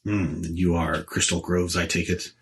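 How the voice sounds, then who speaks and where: A man speaking as his smooth-talking adventurer, calm and flattering, over noisy binaural recording. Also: a little slow, heavily acted. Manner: low, calm, silky persuasion.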